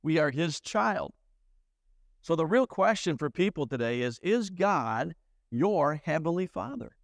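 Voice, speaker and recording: A man's voice: fairly high pitch, creaky, no echo, clean studio sound. A middle-aged man, a pastor, preaching a sermon in a church in a plain-spoken way with folksy asides. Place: church sanctuary.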